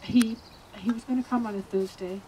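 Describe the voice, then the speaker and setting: A woman giving an informal funeral eulogy, halting and with fillers. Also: a little high, fairly even intonation, dark tone, a little hiss or hum, poor audio. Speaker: eulogy speaker, friend and landlord.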